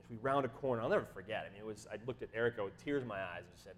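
A middle-aged man preaching, telling a travel story in an animated way, acting out quotes in sudden high voices. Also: racing, a little hiss or hum. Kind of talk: sermon storytelling.

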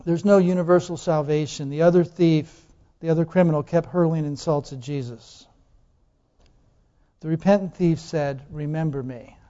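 High-voiced preacher in a reverberant hall. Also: male voice, steady tone, normal speed, dark tone. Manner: asks the congregation questions, repeats phrases for emphasis. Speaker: pastor. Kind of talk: sermon. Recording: dull lo-fi sound with long hall reverb.

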